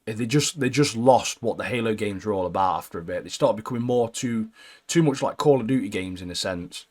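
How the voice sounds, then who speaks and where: A young man co-hosting a casual gaming chat, blunt and opinionated, ending phrases with "mate" and dropping low. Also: expressive, a little fast, a little mellow. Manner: blunt, says "mate" constantly, trails off low at line ends. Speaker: co-host.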